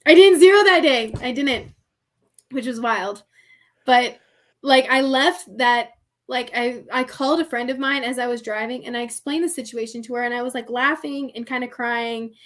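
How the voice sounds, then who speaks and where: A young adult woman telling a personal story as a podcast guest, chatty and animated, filling her speech with "like" and acting out quoted voices. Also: a little high, moderate pace. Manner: animated, heavy use of "like", acts out quoted voices. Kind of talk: casual storytelling.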